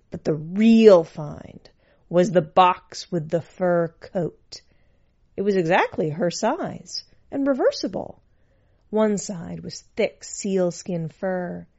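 A woman reading a story aloud, narrating in an expressive, dynamic way. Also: lowish voice, gravelly. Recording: muffled lo-fi recording.

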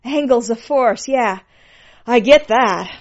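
A woman's voice: a little high, takes it slowly, highs cut off, pitched above the performer's own voice. A woman reading a story voices a breathless young woman student who talks in pleading, gasping bursts.

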